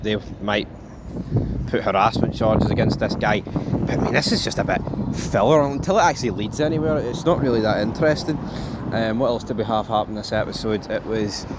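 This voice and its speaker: A man's voice: on the low side, fairly quick. A man giving a rambling, offhand review of a TV episode. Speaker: TV series reviewer. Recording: loud background noise.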